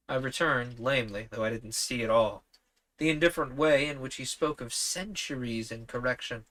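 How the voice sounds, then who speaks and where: A man reading an old novel aloud on a stream, narrating in an unhurried, measured storytelling manner. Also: mid-range voice, pushed and bright.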